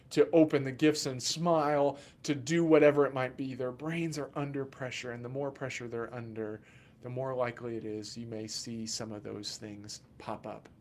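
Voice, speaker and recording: A man, a children's mental health therapist, giving casual educational talk to camera in an animated, joking way with sudden loud asides. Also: medium pitch, a little hiss or hum.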